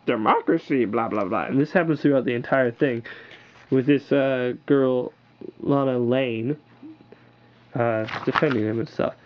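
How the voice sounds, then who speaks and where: Man, casual comic review, rambling, enthusiastic, filler words, mid pitch, dull lo-fi camera mic. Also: fairly even intonation, unhurried, pauses often, slight background noise. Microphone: built-in camera mic.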